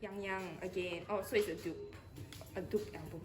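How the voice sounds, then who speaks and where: A young woman chatting excitedly while unboxing, squealing and swearing. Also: medium pitch, normal speed. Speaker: vlogger. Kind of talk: casual unboxing chat.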